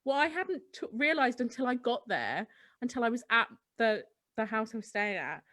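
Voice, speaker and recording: A young woman, a podcast co-host, chatting casually and teasing with quick jokes. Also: a little high, animated, bright, forceful tone. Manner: teasing, giggly interjections. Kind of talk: casual chat.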